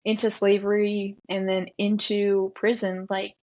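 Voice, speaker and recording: Young woman guest, soft and reflective. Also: mid-range voice, flat delivery, measured pace, lo-fi sound. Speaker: podcast guest. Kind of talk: casual faith conversation.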